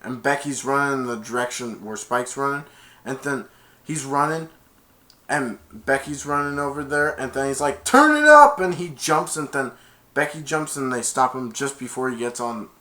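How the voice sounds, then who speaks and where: A man casually retelling a movie plot as a reviewer, stringing events together with "and then" and jumping into loud high-pitched character quotes. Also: fairly even intonation, normal speed.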